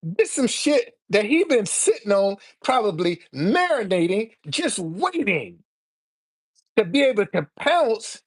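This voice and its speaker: A woman's voice: mid-range voice, very animated, takes it slowly, slightly rough. A woman in her seventies hosting a live stream, talking heatedly to her viewers with a lot of repetition, restarts and swearing. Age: 70s. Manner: fiery, repetitive, profane, stammering restarts. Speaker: livestream host answering viewers.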